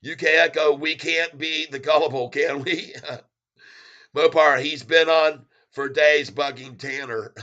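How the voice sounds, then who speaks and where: Male streamer, casual, chuckly, talks straight to viewers, fairly high voice. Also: fairly even intonation, unhurried, pushed and bright, lo-fi sound. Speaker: stock livestreamer. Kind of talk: casual livestream, reading chat aloud.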